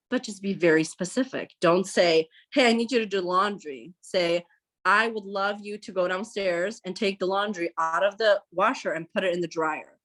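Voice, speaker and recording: A woman in her thirties, a podcast guest, giving casual advice and acting out quoted lines in lively voices. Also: mid-range voice. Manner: chatty, acts out quoted lines in bright voices.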